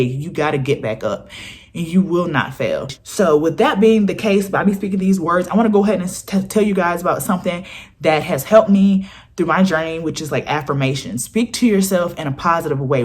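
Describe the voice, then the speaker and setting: Girl in her twenties vlogging, earnest pep talk, super emphatic, keeps quoting made up people. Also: lowish voice. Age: 20s. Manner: earnest, emphatic, often quotes imagined people. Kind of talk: casual motivational talk to camera.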